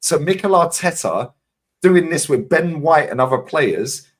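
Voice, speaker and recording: A man's voice: fairly high pitch, lively intonation, a little slow. A man with an English accent arguing about football, combative, swearing and cutting in to challenge the other speaker. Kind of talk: heated football debate.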